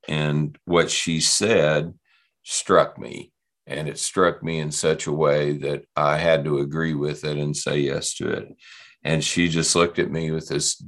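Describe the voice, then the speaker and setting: Very deep-voiced man in his sixties. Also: fairly even intonation, slow pace, a bit bright. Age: 60s. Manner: conversational, rambling with restarts. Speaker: guest. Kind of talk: storytelling interview.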